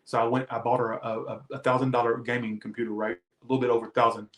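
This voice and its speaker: A man's voice: mid-range voice, level tone, fast, fairly bright tone, reverberant. A man reading tarot who rants defensively and emphatically to his viewers in casual talk. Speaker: tarot reader.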